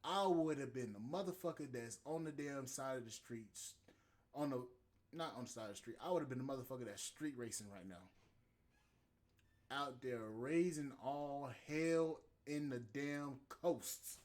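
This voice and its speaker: A man's voice: mid-range voice, unhurried, darkish tone. A man hosting a podcast, ranting in a heated, profane, rambling monologue. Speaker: podcast host. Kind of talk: casual podcast rant.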